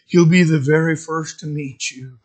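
A man preaching a sermon and telling stories dramatically, swinging from loud to hushed. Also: fairly high pitch, steady tone, moderate pace. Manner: dramatic storytelling, sudden shifts from loud to hushed.

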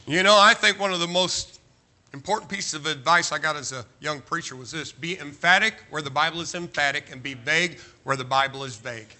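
A man's voice: a little high, brisk, bright, forceful tone. A man preaching a sermon to a large church, emphatic and joking, firing off rhetorical questions. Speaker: pastor.

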